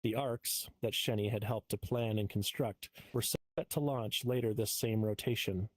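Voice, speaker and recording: A man's voice: fairly low pitch, steady tone, moderate pace, no echo. Man narrating a story, dry sound. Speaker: improv performer.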